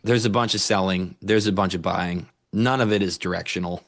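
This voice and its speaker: A man's voice: low voice, fairly even intonation, brisk, a bit bright. A man co-hosting a live trading show, talking through chart levels in a laid-back way and laughing easily. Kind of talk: casual trading chat.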